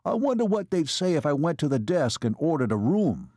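A man's voice: a little high, sing-song, fairly quick, warm tone, no room sound, clean studio sound, pitched above the performer's own voice. A man reading an audiobook, voicing a brash, naive young male orderly who talks in an eager, crowing way.

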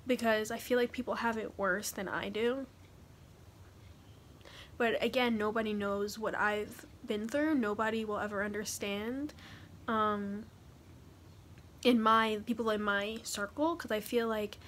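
A young woman talking haltingly in a personal confessional vlog, pausing often to collect her thoughts. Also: mid-range voice, fairly bright tone, slight background noise. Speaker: vlogger.

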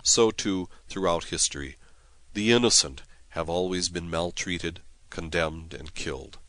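A priest reads prayers and scripture with solemn, measured care, in a very low voice that moves slowly. His tone is bright and clear. The sound is dry and close, with no room behind it. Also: no room sound. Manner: solemn, measured reading with Latin chant-like prayers. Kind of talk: devotional reading of prayers and scripture.

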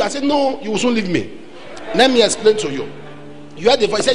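A pastor with a Nigerian accent and a high voice preaches at a quick pace, acting out the voices of people in his anecdotes. He's animated, swinging between loud and soft, and the poor-quality audio has slight background noise.

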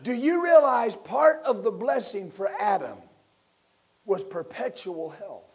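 A man preaching a sermon as pastor, building to loud emphatic bursts and leading his listeners in call-and-response. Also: high-pitched, big pitch swings, unhurried, breathy edge.

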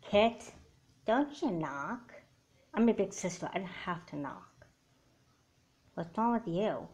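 A woman's voice: mid-range voice, animated, slow, a little mellow. A woman voicing a grumpy, resentful big-sister girl in a homemade doll movie, talking in a snappy, dismissive way. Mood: annoyed. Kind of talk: home doll-movie voice acting.

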